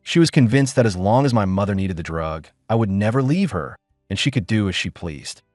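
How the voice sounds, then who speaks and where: A man with a lowish voice narrates a first-person audiobook drama, weary and bitter. His delivery rises and falls expressively, recorded dry and close with faint music underneath. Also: lively intonation, a little fast, darkish tone, dry recording.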